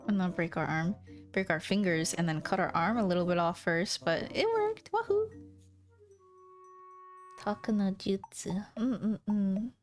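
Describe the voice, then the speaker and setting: A young woman with a steady, medium-pitched voice streams a visual novel, faint music playing behind her. She chats casually in a bubbly, giggly manner, with drawn-out playful exclamations.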